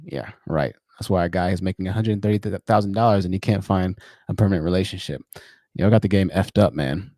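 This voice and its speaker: A man hosting a livestream call-in show, telling stories in a chatty, animated way and laughing at his own jokes. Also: low-pitched, dry recording, clean studio sound. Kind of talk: livestream commentary and storytelling.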